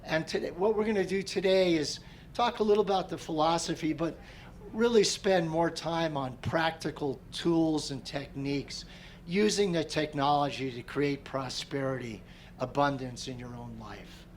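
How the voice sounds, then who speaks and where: A middle-aged man teaching a meditation class, telling a personal story in a relaxed, conversational way and often clearing his throat. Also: on the high side, normal speed, slight background noise. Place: large tent at an outdoor gathering.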